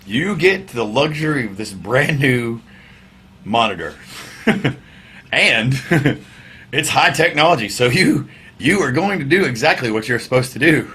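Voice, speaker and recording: A man, a veteran musician telling his story in a casual interview, candid and wry, swearing freely and dropping into quiet asides. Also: medium pitch, expressive, a little slow, husky. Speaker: podcast guest, veteran musician.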